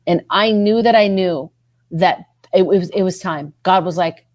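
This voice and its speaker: A lowish, darkish female voice speaks at a moderate pace, recorded dry. She is a podcast guest giving heartfelt testimony about her faith, earnest and repetitive, her voice lifting whenever she is moved.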